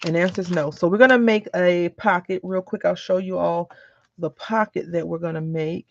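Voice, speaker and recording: A woman's voice: lowish voice, steady tone, moderate pace, vocal fry, no room sound. A woman with a chatty, rambling way of talking, telling anecdotes while she works on a craft project in a casual vlog. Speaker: crafting vlogger. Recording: dull lo-fi recording.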